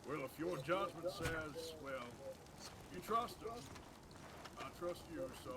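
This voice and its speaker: A man role-playing a gang boss, talking in a slow, measured way. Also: a little high, lively intonation, a loud crowd. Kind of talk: in-character role-play. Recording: noisy game voice chat.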